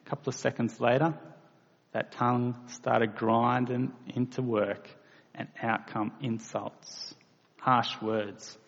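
Slow gravelly male preacher. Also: medium pitch, fairly bright tone. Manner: slow, deliberate preaching with emphatic bursts. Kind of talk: sermon. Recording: dull reverberant hall recording.

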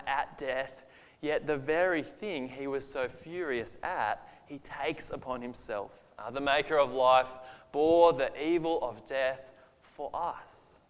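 Earnest preacher man in a reverberant hall. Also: medium pitch. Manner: earnest and emphatic, voice rising when describing Jesus' anger. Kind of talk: sermon on a Bible passage.

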